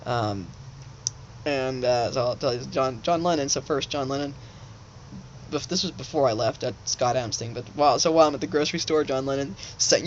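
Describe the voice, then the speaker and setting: A man vlogging in a rambling, halting monologue, full of restarts, with frequent laughter. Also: mid-range voice. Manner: halting, many fillers and restarts, laughs often. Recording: slightly dull home recording with faint hiss.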